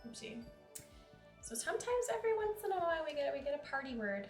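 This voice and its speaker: A woman's voice: sits high, very animated, quick pace, roomy sound, faint music behind. A young woman streamer chatting casually and giggling while she plays a game. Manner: chatty, giggly, reads game lines aloud. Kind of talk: casual chat while playing.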